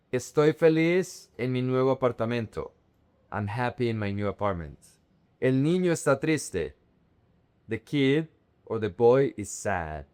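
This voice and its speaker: Man drilling vocabulary slowly. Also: mid-range voice, a little mellow. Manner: slow, careful word-by-word drilling. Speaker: Spanish teacher. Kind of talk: vocabulary lesson to camera.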